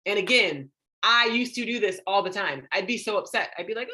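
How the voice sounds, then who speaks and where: Bright, animated woman coaching live. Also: normal speed. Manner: animated, acts out inner voices with big pitch jumps; drops soft and low on emotional words. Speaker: confidence coach. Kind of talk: live motivational talk to an online audience.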